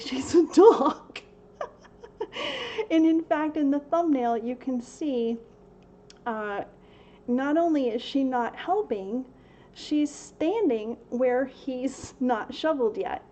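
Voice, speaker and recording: A woman's voice: high voice, animated, takes it slowly, warm tone. A middle-aged woman hosting a casual devotional livestream from home, laughing often and at times tearful. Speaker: livestream host.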